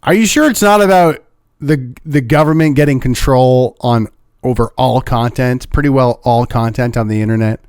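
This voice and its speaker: A man's voice: mid-range voice, normal speed, a little mellow, clean tone, dry recording, clean studio sound. A young man giving opinionated, sarcastic video commentary as the host of his own channel. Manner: sarcastic, mocking. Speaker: political commentator.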